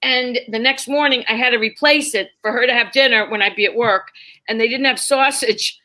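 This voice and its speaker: A woman comedian appears as a guest in a storytelling chat, spinning tales from her own life with animated, laughing energy and slipping into other people's voices. She speaks briskly in a high, bright voice.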